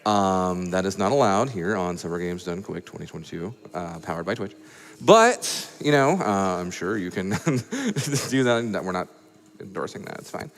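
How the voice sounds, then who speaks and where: A man's voice: lively intonation, moderate pace. Hyped-up man hosting live in a hall. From Atlanta, USA. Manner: playful, high-energy hype, jokey. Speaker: event host reading donations. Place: live charity gaming event stage with crowd. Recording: echoey event hall.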